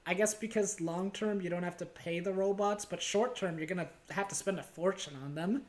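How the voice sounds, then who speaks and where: A woman's voice: on the low side, brisk, darkish tone. A woman streaming a game, telling a long, rambling, bemused story with frequent laughs. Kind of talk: casual stream commentary.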